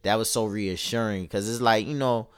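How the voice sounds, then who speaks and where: Smooth-voiced man, laid-back. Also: fairly low pitch, steady tone, moderate pace. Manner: laid-back, reflective, trails off and restarts. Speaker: podcast co-host. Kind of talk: casual chat. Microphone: phone-like call audio.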